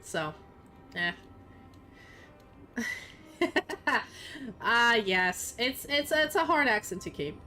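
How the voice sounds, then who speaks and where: A woman's voice: on the high side, very animated, a little slow, bright, forceful tone, soft background music. A young woman streamer chatting casually with her viewers, often laughing and swearing, sometimes in a put-on Scottish accent. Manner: puts on a playful mock Scottish accent. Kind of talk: casual live-stream chat.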